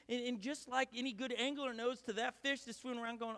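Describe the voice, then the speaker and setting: A man preaching a sermon with a high voice. He talks casually and rambles, full of fillers and restarts. His voice rings with a long reverb through the church hall. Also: steady tone, fairly quick, hardly any pauses, fairly bright tone, clear, resonant tone. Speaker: pastor.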